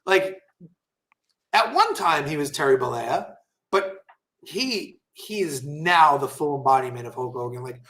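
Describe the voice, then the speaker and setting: A man guesting on a podcast, telling casual stories with animated, profane asides and lots of fillers. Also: fairly high pitch, a little slow. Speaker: guest entrepreneur. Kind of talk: casual storytelling interview.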